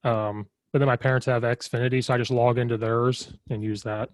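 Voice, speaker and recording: A man's voice: mid-range voice, level tone, brisk, dry recording, studio quality. A man hosting a coaching podcast over a remote call, easygoing and joking. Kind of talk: casual podcast chat.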